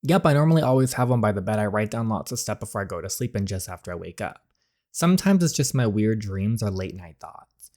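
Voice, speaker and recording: A man voicing a friendly, easygoing young male islander in a dating game, read in a relaxed, matter-of-fact way. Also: on the low side, brisk, lightly acted.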